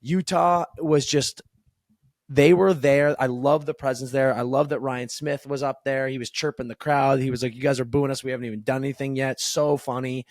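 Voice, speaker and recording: A man co-hosting a casual hockey podcast, telling stories excitedly. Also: mid-range voice, normal speed, no echo. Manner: excitable storyteller, swears casually. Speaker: podcast co-host.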